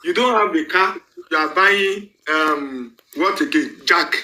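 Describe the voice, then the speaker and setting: Nigerian male panel host, high and bright voice, emphatic and repetitive delivery with bits of pidgin. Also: unhurried, rough recording. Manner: emphatic, repeats points, switches into pidgin. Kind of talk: live online panel commentary.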